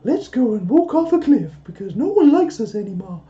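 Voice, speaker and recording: A man voicing a dopey, gloomy cartoon dog in a high, loud put-on voice. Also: very animated, fairly quick, highs cut off. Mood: dopey gloom.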